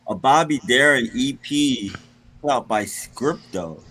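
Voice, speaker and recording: A man's voice: mid-range voice, expressive, a little slow, a bit bright, husky, rough recording. A man casually chatting on a live stream as co-host, easygoing and laughing along.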